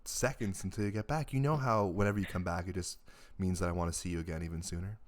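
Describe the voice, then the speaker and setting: A man doing a husky sick mom. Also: low-pitched, steady tone, fast talker, heavy background noise, natural voice. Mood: doting. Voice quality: hoarse, husky. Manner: doting, motherly. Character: sick middle-aged mother with husky sultry voice.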